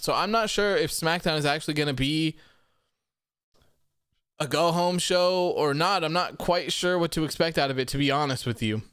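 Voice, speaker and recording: A man's voice: on the high side, smooth, no room sound, studio quality. Young man hosting a casual livestream. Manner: rambling and relaxed, many fillers and repeats. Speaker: host of a wrestling post show livestream. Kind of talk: casual livestream chat, reading viewer comments.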